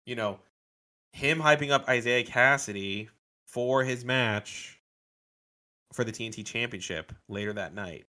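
A man's voice: medium pitch, unhurried, pushed and bright. A man co-hosting a casual wrestling podcast, rambling with lots of fillers and frequent laughs. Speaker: podcast co-host. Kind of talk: casual wrestling review chat.

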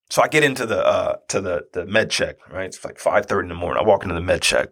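Animated husky man telling a story. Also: low voice, quick pace, few pauses. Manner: animated, acts out quoted dialogue. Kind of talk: personal storytelling.

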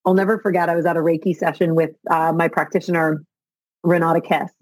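A middle-aged woman speaks on her solo motivational podcast in a soft, breathy voice that sits at an ordinary pitch. She talks earnestly, repeats her phrases and climbs toward emotional intensity. The sound is close and dry, with no room around it. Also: little pitch movement, fast talker, no room sound, rough recording. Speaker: podcast host. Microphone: video call.

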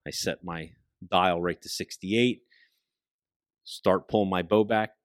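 A man, a guest on a talk show, telling a hunting story in a casual, profane, animated way and often dropping his voice to a hush. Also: low-pitched, slow pace, no room sound. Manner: profane, animated storyteller who drops into hushed tones.

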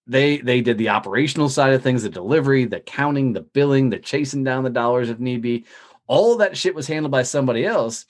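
A man telling stories as a podcast guest in a casual, profane, energetic way, acting out other people's lines as he talks. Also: medium pitch. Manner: profane, energetic, animated storytelling with quoted dialogue. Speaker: podcast guest, business owner. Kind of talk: casual interview storytelling.

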